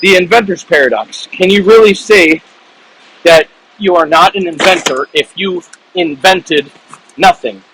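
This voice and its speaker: A man, an author, casually retelling the plot of his own book in animated, rambling storytelling full of restarts. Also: sits high, a little slow, noisy background.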